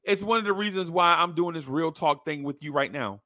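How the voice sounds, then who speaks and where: A man's voice: a little high, a little fast, pushed and bright, no room sound, studio quality. A man hosting a podcast, delivering a blunt, mocking opinion rant full of slang. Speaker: podcast host.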